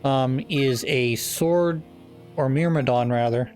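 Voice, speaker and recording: A man giving casual, unhurried gameplay commentary, filling pauses with "um" and "uh". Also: medium pitch, soft background music. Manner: relaxed, with many fillers.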